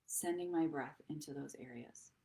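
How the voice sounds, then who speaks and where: Low-voiced woman giving earnest advice. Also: normal speed, warm tone. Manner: earnest, encouraging, addresses viewers directly. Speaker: host and therapist. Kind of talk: live online talk show advice.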